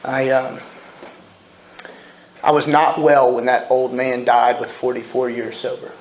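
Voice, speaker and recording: In a steady mid-range voice at a measured pace, a man in his forties recounts his story frankly, with self-deprecating humor, at a recovery meeting. The echoey meeting room has faint ambience, plus a little hiss or hum.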